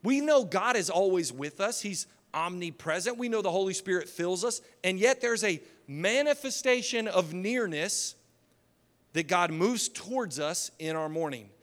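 A man preaching a sermon as pastor, impassioned, swinging from loud declarations to hushed, slow lines. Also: high voice, animated. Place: church hall. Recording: long hall reverb.

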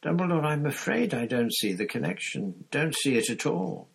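A man's voice: medium pitch, very animated, moderate pace, gravelly, husky, pitched above the performer's own voice, exaggerated voice, poor audio. A man voicing a fussy, defensive middle-aged male minister in an audiobook reading. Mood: blustering. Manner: insistent, defensive, impatient.

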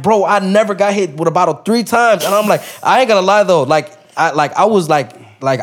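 A young man with a slightly high voice tells a story as a podcast guest. He talks in loose street slang, swears freely and drops into the voices of the people he quotes. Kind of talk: casual storytelling.

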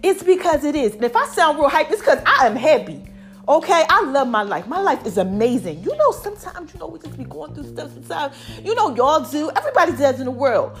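Lively, chatty woman, slightly allergy-deepened voice. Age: middle-aged. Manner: animated, chatty, repeats catchphrases, laughs often. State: voice a bit deep from allergies. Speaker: online personality talking to followers. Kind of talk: casual motivational vlog chat.

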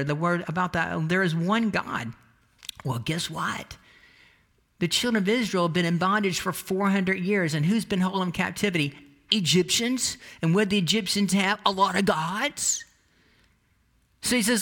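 A man preaching a sermon in a conversational, animated storytelling way, often restarting his sentences. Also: sits high, normal speed. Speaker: pastor.

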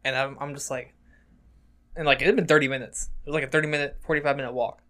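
A young man co-hosting a casual podcast, telling a long story in a rambling, animated way and laughing often. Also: mid-range voice, fast. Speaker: podcast co-host.

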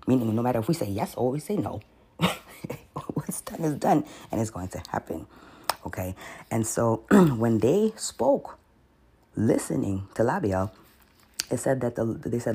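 A man's voice: lowish voice, big pitch swings, unhurried, gravelly, darkish tone, slightly rough. A man teaching on a podcast in a casual, rambling way, often repeating words and reading passages aloud.

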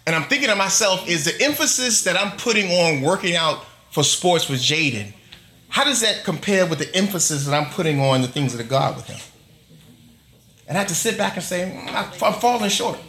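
Bright, high, lively-voiced preaching man. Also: brisk. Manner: emphatic preaching, builds long chanted lists. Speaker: pastor. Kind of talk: sermon. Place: church before a congregation.

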